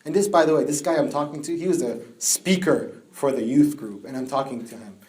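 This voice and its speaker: A young man giving a religious lecture to a youth group, building from plain storytelling to a high, tearful lament. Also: a little fast, darkish tone. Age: young adult.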